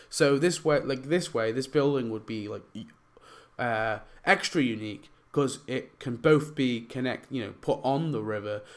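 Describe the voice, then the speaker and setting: Hoarse young man rambling about a game. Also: mid-range voice. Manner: rambling, many fillers. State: losing his voice. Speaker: YouTuber pitching game ideas. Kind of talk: casual commentary over gameplay.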